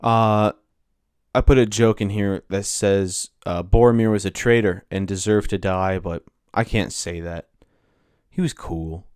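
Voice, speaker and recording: A man's voice: lowish voice, measured pace, darkish tone, smooth, dry recording, studio quality. A man hosting a solo podcast, talking casually and rambling, interrupting himself as he goes. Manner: rambling, self-interrupting, offhand. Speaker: podcast host.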